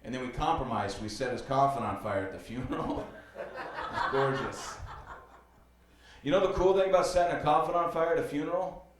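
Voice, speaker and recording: A man performing a stand-up comedy set on a club stage, rambling loosely with many fillers and telling dark jokes flatly. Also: mid-range voice, fairly quick, slight background noise. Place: comedy club stage before a live audience. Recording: roomy club sound, distant mic.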